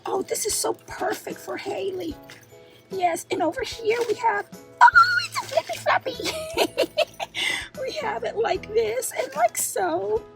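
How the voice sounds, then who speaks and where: A woman's voice: very high voice, vocal fry, a little mellow. A woman hosting a craft channel, chatting through an unboxing, gushing and exclaiming often and wandering off on tangents. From New York. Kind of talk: unboxing vlog chat.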